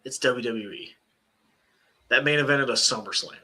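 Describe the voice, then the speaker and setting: A man's voice: mid-range voice, moderate pace, pushed and bright, slightly rough. A young man co-hosting a wrestling podcast, talking in a loose, joking way that often trails off and restarts. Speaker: podcast co-host. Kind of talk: casual chat.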